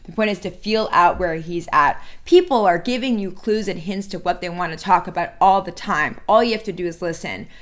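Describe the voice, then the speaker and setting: A woman with a lowish voice speaks briskly and with few pauses while hosting a dating advice video. Talking directly to the camera, she's blunt and emphatic, repeating her key points.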